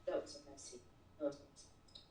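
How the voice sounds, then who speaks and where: A woman's voice: rapid-fire, dark tone. A woman as an interview guest, telling a work story in casual talk and often repeating words as she starts sentences. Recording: roomy echo, distant mic.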